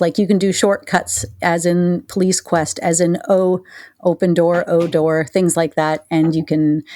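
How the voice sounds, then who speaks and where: A woman's voice: fairly low pitch, darkish tone, no echo. A woman hosting a podcast, chatting casually and enthusiastically with lots of fillers. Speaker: podcast host. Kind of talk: casual chat.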